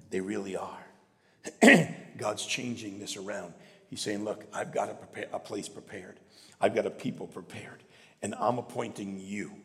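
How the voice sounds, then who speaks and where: A man preaching a sermon as pastor, asking the congregation for call-and-response and swinging from low murmurs up to shouts. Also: gravelly, in a large hall.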